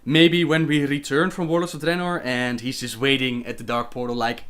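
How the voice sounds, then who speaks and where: A man's voice: medium pitch, little pitch movement, moderate pace, fairly bright tone, smooth. A young man with a Dutch accent, hosting a casual livestream where he reads viewer questions aloud and answers them chattily.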